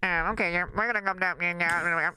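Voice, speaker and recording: A man's voice: high-pitched, steady tone, quick pace, pushed and bright, a little hiss or hum. A man putting on the voice of a casual, unflappable stunt pilot who keeps chattering and repeating himself. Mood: breezy. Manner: rambling, repeats "okay" and "yeah", talks over others.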